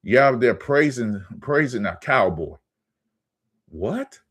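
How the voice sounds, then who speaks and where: A man's voice: mid-range voice, expressive, slow, a bit bright, breathy edge. A man hosting his own sports channel, ranting in a heated, profane way and stammering when he gets angry.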